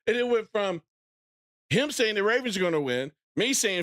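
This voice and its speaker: This thirties-aged gaming streamer talks at a moderate pace in a high-pitched voice. Chatting casually live, he gets animated and breaks into loud, excited bursts while recounting stories.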